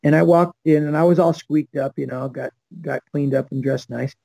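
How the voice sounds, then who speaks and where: A man's voice: on the high side, fairly even intonation, normal speed, creaky, warm tone, no echo, rough recording. An older man from Los Angeles, a podcast guest telling a long story and acting out the people in it. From Los Angeles, USA. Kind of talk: storytelling anecdote.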